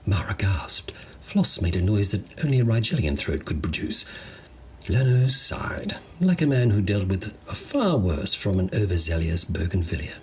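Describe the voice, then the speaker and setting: A man narrates a comedic sci-fi tale in a low voice with a lively, wandering intonation. His delivery is wry and playful, like a storyteller relishing each line. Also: moderate pace, slight background noise.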